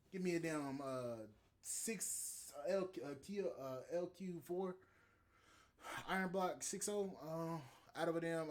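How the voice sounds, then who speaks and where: A man's voice: on the high side, a little mellow. A man hosting a podcast, ranting in a heated, profane, rambling monologue. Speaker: podcast host. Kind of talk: casual podcast rant.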